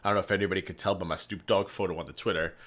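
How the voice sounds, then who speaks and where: A man guesting on a livestream who rattles through chatty, profane stories. His voice is low-pitched with a bright, forceful edge, and he talks quickly. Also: steady tone. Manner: chatty, profane, rambling anecdotes. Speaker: guest on the stream. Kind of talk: casual storytelling chat.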